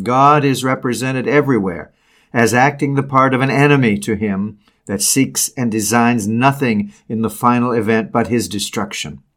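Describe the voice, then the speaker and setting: A man reading an old sermon aloud in a solemn, measured way, slowing down on key phrases. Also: fairly low pitch.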